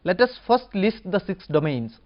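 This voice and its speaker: A woman giving an educational lecture, going through numbered points in a measured way. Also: on the low side, big pitch swings, highs cut off. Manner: measured, listing points one by one.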